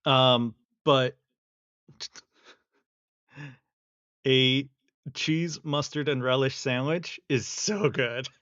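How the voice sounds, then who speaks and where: A man in his thirties chats casually on a podcast at an ordinary pitch. He jokes about himself and laughs a lot. His voice sounds a little dull and muffled, in a dry space. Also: drawn-out words, long pauses, fairly bright tone, dry recording. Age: 30s. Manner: laughs often, joking and self-mocking. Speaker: podcast co-host. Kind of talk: casual chat.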